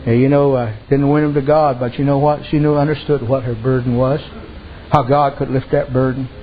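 A man's voice: medium pitch, little pitch movement, fairly quick, a little hiss or hum. A man preaching a sermon in a folksy storytelling way, often adding "amen" and "I said". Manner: folksy, repeats "amen" and "I said", uses dialect. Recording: dull lo-fi sound.

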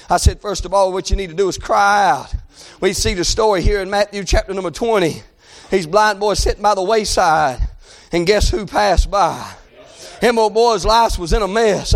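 A man preaching a fervent revival sermon, often shouting and drawing out his phrases. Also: sits high, moderate pace.

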